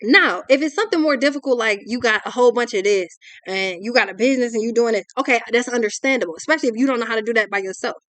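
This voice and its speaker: Woman, young adult, ranting tarot reading, blunt and profane, fairly high voice. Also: very fast, few pauses, a bit bright, no echo. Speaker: tarot reader.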